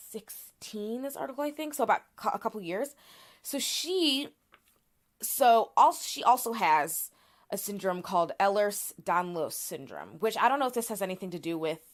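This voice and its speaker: A woman's voice: mid-range voice, a bit bright. A woman co-hosting a podcast, explaining a topic in casual chat with frequent restarts and fillers. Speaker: podcast co-host.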